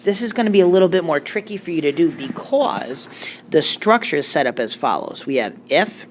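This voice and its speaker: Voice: medium pitch, animated, fairly quick, a little hiss or hum. A Spanish teacher giving a recorded grammar lecture, explaining step by step with joking asides.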